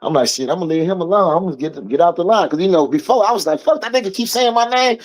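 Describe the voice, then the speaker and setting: High-voiced blunt man telling stories. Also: fast. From United States. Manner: blunt, profane, animated storytelling. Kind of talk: casual street talk.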